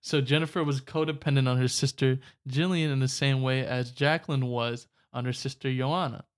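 A man's voice: mid-range voice, fairly even intonation, normal speed. A man co-hosting a casual podcast, telling a story and joking around with his co-host. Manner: joking, laughs often, mock Aussie "mate" asides.

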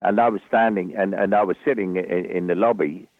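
An older Cockney man with a very low, gravelly, husky voice tells stories in a halting, rambling way with a dry wit. The sound is tinny and phone-like, with a close, dry feel. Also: steady tone, no echo. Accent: Cockney London. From London, England. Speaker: guest actor. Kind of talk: anecdotal storytelling. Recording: tinny phone-like radio audio.

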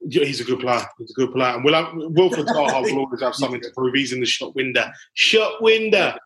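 A man's voice: medium pitch, steady tone, quick pace, fairly bright tone. A man hosting a casual football podcast over a call, jokey and full of banter and fillers. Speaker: podcast host. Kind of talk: casual chat. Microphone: call recording.

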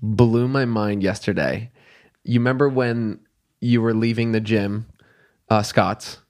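A man's voice: on the low side, fairly even intonation, a little slow, darkish tone. A young man and podcast host in casual chat, telling a story in a rambling way with many fillers.

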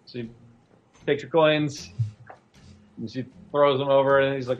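Male game master, casual chatty narrator, mid pitch. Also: fairly even intonation, measured pace, long pauses, lo-fi sound.

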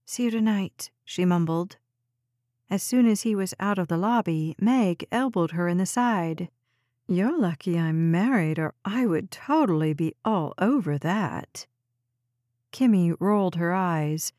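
A woman's voice: lowish voice, expressive, unhurried, darkish tone, no room sound. Woman reading an audiobook, dry close sound. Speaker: audiobook narrator. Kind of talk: scripted audiobook narration.

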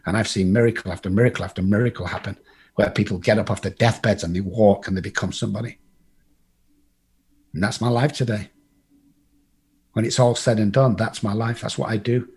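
Husky-voiced man, recovery speaker, salty storyteller who plays every part himself. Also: on the low side, steady tone, brisk, long pauses, a little mellow. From England. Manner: blunt and profane, acts out the voices in his story. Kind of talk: personal storytelling to a live group.

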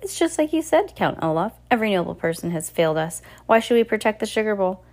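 A clever teenage boy in a storybook, calm and deliberate, voiced by a woman reading aloud. His voice sits higher than the reader's own.

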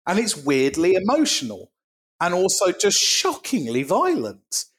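Deadpan man, casual chat. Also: high voice, unhurried, slightly rough. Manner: dry, deadpan delivery with vivid gory imagery. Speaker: podcast co-host.

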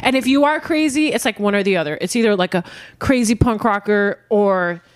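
A woman's voice: mid-range voice, brisk. A young woman from Sweden with a Swedish accent, a podcast guest in a casual, profane chat, laughing often.

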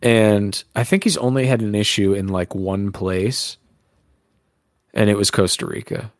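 A man with a fairly low voice co-hosts a podcast in loose, rambling banter. He jokes crudely and drifts between tangents. The sound is close and dry. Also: steady tone, measured pace, dry recording. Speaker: podcast co-host.

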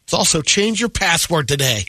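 A man's voice: a little high, very animated, normal speed, pushed and bright, no echo. A man co-hosting a morning radio show, reading news and fun facts in an upbeat way. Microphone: studio microphone.

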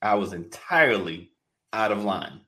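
A man's voice: lowish voice, lively intonation, unhurried, sharp tone. A man voicing a polite, apologetic male pet parrot as he reads a joke aloud in a formal way.

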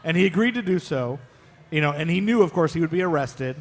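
This Ohio man co-hosts a live podcast on stage, spinning history tales with a playful, talkative style. He speaks quickly in an expressive voice on the high side, with the long echo of a live stage around him.

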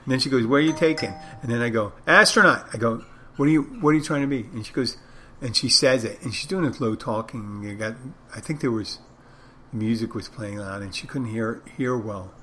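A male bartender hosts his own podcast, spinning a loose, rambling story from behind the bar and slipping into the voices of the people in it. His pitch sits in an ordinary middle range. A faint hiss of background noise runs under the recording. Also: fairly quick, a bit bright. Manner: rambling anecdotes, acts out dialogue. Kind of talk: casual storytelling monologue.

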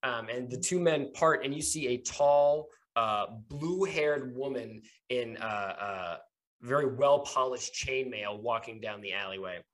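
A man narrating as game master of a tabletop game, his pitch sitting in the middle of the range. He stops and starts often, filling gaps with ums and uhs. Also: a bit bright. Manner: halting, many ums and uhs.

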